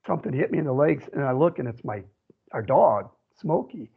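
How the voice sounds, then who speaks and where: A man's voice: medium pitch, sing-song, brisk, creaky, slightly rough. A man from central Wisconsin, a guest on a radio show, telling a long personal story in a rambling way, often saying "you know". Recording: tinny phone line.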